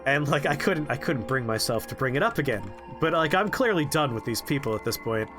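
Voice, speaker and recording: A man spins a comic story during a game stream. His voice sits a little high and swings widely as he acts out the people in it. Soft music plays faintly underneath. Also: normal speed. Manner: animated, quotes people in shifting voices, laughs.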